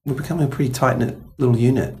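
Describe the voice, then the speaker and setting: A man's voice: mid-range voice, fairly even intonation, very fast, dark tone. A man from New Zealand with a New Zealand accent, a guest musician telling stories in a loose, rambling way. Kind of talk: interview conversation.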